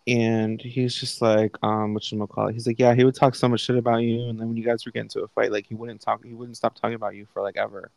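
A man's voice: mid-range voice, level tone, fast talker, gravelly, hardly any pauses, darkish tone, dry recording, rough recording. A young man hosting a podcast at home, casually retelling a conversation with profane, candid asides. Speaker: podcast host. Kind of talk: casual storytelling. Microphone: live online call setup.

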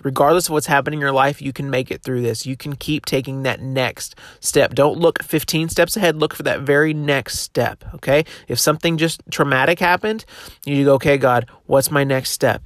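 A man's voice: medium pitch, moderate pace, dry recording, studio quality. A young man hosting a devotional podcast, talking in a casual, encouraging way with plenty of fillers and restarts. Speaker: podcast host.

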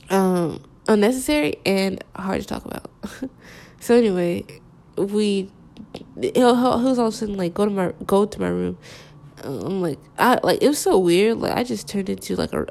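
Young woman with vocal fry, halting. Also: medium pitch, expressive, darkish tone. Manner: halting, hesitant, full of "like" fillers. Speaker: storyteller. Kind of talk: candid personal storytime.

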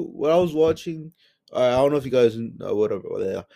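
A man hosting his own solo podcast, ranting in a heated, profane and exasperated way, swinging from low mutters to loud outbursts. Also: animated, quick pace, gravelly. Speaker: podcast host.

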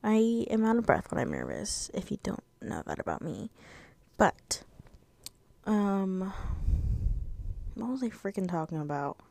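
A woman's voice: medium pitch, very animated, measured pace, creaky, long pauses, darkish tone, no echo. A teenage girl hosting her own podcast, talking in a rambling, filler-heavy way and sounding a little out of breath. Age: teens. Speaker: podcast host. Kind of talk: casual solo podcast chat.

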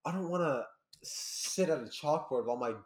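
A young man hosting a casual podcast chat, rambling and breaking into loud laughing bursts. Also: on the high side, moderate pace, echoey room. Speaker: podcast host.

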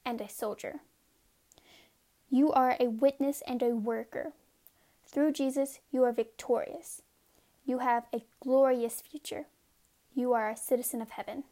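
Slow, high-voiced woman giving a devotional. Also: steady tone, dark tone. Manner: earnest, reads passages aloud and breaks off for informal asides. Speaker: devotional speaker. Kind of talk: casual devotional talk with read-aloud scripture.

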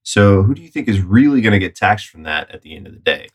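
Man, very low voice, measured podcast co-host who explains at length. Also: expressive. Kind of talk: casual political chat.

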